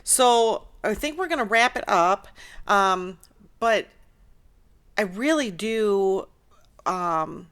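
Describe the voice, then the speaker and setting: A woman's voice: mid-range voice, expressive, takes it slowly, pauses often, a bit bright, smooth. A woman hosting an interview show, chatty and affirming, with frequent fillers. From United States. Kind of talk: casual interview.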